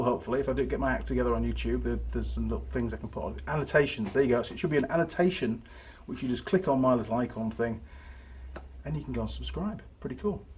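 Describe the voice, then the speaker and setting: A man hosts a motorcycle repair vlog from his own workshop. He talks casually and rambles, trading easy banter and laughing at his own slowness. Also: medium pitch. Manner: rambling, chatty, self-deprecating. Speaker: motorcycle mechanic and host.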